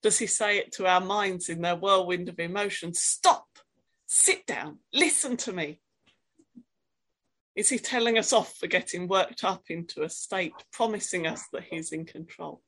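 Woman preacher, lowish voice, reflective sermon delivery, asks gentle questions, reads scripture dramatically. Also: steady tone, moderate pace, few pauses.

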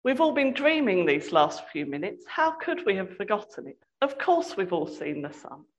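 A woman's voice: medium pitch, sing-song, moderate pace, lightly acted, rough recording. A woman doing a cold, formal young prince. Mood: relieved. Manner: cold and polite.

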